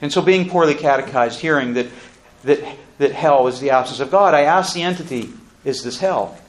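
A man with a fairly high-pitched voice gives an earnest, solemn spoken testimony. He speaks deliberately, pausing and restarting as he goes.

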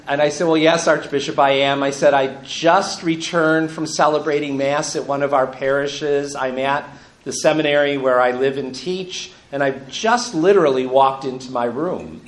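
A bishop in his fifties telling a personal story to an audience, good-humored and chuckling as he goes. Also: fairly high pitch. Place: room with an audience. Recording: roomy hall echo.

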